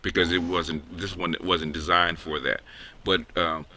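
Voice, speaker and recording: A man hosting a casual online group discussion, talking in halting bursts with many restarts. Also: sits low, flat delivery, bright, forceful tone. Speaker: host of an online group call.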